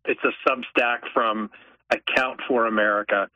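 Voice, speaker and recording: A man's voice: medium pitch, fairly even intonation, measured pace. A man from Pennsylvania calling into a radio show, apologetic and a bit hesitant as he passes on news. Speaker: caller. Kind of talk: call-in radio conversation. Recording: tinny phone line.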